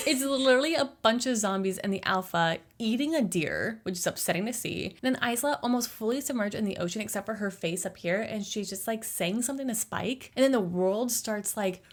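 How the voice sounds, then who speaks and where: A woman's voice: mid-range voice, expressive, brisk. Playful young woman recapping a movie. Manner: jokey, slangy, playful asides. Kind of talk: casual movie explainer.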